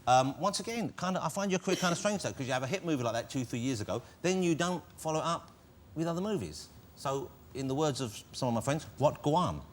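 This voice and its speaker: A man's voice: fairly high pitch, lively intonation, quick pace. A man hosting a talk show, teasing his guest with playful banter in a studio. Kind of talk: joking chat show banter. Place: TV studio with live audience. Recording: studio audience laughter and noise.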